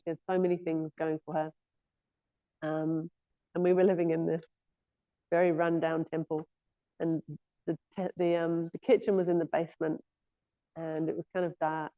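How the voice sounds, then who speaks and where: A woman gives a relaxed scripture class, pausing often with soft fillers as she gathers her thoughts. Her voice stays fairly flat and even in pitch. The audio is thin and phone-like. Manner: hesitant, frequent "um" and "yeah" fillers. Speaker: guest speaker giving a scripture class. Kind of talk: informal scripture class talk. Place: temple class room.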